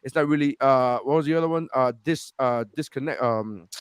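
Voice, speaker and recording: A man's voice: mid-range voice, brisk, clean tone, no echo, clean studio sound. A man co-hosting a podcast, telling a story in casual chat, acting out quotes and swearing freely. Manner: animated, swears a lot, acts out quotes. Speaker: podcast co-host.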